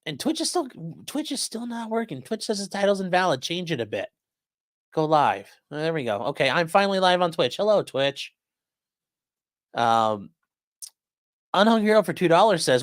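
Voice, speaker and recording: A man's voice: a little high, no echo, studio quality. A man hosting a livestream, chatting casually and reading out viewer comments with loose, repetitive phrasing. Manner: loose and conversational, many fillers, repeats phrases. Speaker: host of a legal commentary livestream.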